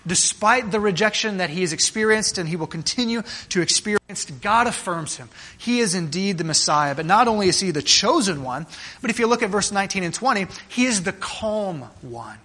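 A man's voice: high voice, expressive, fairly quick, sharp tone. A man preaching a sermon in a conversational way, asking the congregation rhetorical questions, often restarting and repeating words. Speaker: pastor.

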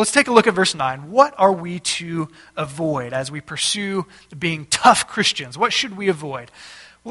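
A male pastor in his thirties with a high, bright voice preaches in an easygoing, conversational way. He keeps asking the congregation questions and leans on stories from his own family. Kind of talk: expository sermon.

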